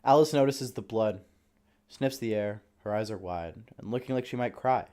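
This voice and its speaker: A man's voice: on the low side, normal speed, a little mellow. Man casually reading a screenplay aloud. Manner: casual, with offhand asides. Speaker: streamer reading a script.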